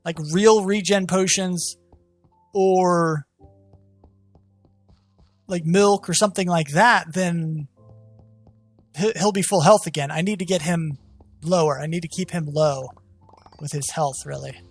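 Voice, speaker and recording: A gaming channel host giving gameplay commentary, talking straight to viewers with excited, exasperated outbursts. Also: medium pitch, takes it slowly, pauses often, no room sound, soft background music. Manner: talks to viewers as "guys".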